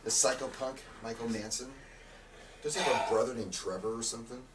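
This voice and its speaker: A man's voice: medium pitch, brisk, recorded from a distance, over a noisy crowd. A man commentating on a wrestling show in a boastful, pompous tone, recorded a bit away from the mic. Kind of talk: bombastic promo commentary.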